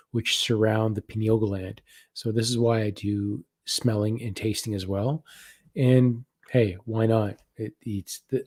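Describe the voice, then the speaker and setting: Soft-spoken husky man guiding meditation. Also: on the low side. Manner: slow, soft-spoken, reads viewer comments aloud. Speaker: spiritual practice host. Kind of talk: live guided meditation session.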